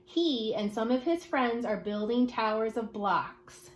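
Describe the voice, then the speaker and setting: A woman teaching a lesson to young children, animated and sing-song, with playful exclamations. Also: on the high side, a little slow.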